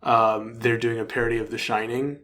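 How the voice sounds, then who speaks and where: A man's voice: medium pitch, little pitch movement, brisk, fairly bright tone. A young man co-hosting a podcast, chatting casually and easily. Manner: easygoing, with lots of short agreeing replies. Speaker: podcast co-host. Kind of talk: casual chat.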